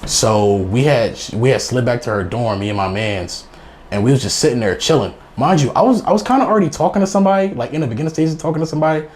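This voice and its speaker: A young man with a medium-pitched voice talks fast as a guest storyteller, recounting a funny personal story in slangy, rambling casual speech. He's animated and laughs often throughout.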